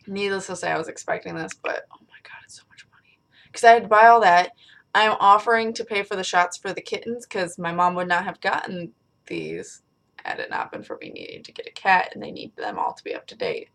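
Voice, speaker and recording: Young woman vlogger, rambly and casual, a touch low-pitched, talking into a webcam in a small bedroom. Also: very animated, brisk, vocal fry, a bit bright. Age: young adult. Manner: rambling, chatty, swears casually. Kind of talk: casual chat to camera.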